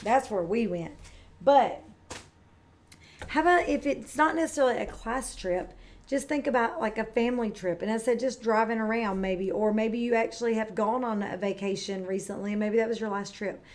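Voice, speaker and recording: A middle-aged woman who teaches kindergarten speaks at normal speed in a somewhat high, slightly mellow voice. She reads aloud and gives a friendly, patient lesson directly to young children.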